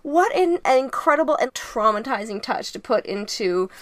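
A woman co-hosting a podcast, analyzing a horror film in animated, emphatic casual chat. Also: on the high side, moderate pace, dry recording. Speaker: podcast co-host.

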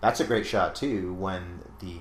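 A man's voice: low voice, slight background noise. A man co-hosting a podcast, chatting casually about a film, packing in trivia and acting out quoted lines. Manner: brisk, trivia-heavy, acts out quotes. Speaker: podcast co-host. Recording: roomy echo.

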